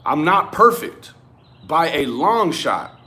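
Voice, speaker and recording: Man, high-pitched voice, profane rant, animated, talks to viewers. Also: takes it slowly. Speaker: commentary vlogger. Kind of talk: profane ranting commentary.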